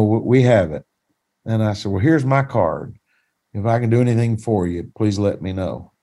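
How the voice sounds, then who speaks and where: Male pastor, folksy, earnest testimony, mid-pitched voice. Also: darkish tone. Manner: plain-spoken, folksy, earnest. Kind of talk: personal testimony storytelling.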